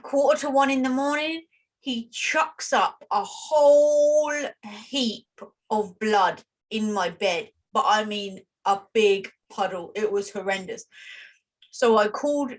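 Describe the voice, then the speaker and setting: A British woman co-hosting a podcast, telling a story in a chatty, animated way over a remote call. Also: a little high, slow. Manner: chatty, animated, self-deprecating. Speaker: podcast co-host. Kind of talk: casual chat, storytelling. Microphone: remote call with lag.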